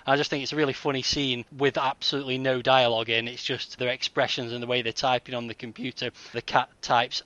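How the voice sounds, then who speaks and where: A man chatting on a podcast panel, relaxed and descriptive. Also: mid-range voice, fast talker, hardly any pauses, dry recording. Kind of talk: casual podcast chat. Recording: dull, dry lo-fi mic.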